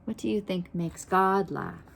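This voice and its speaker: A woman reading a children's picture book aloud in a gentle, unhurried way, pausing to ask her listeners questions. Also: mid-range voice, animated, gravelly. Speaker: storybook reader.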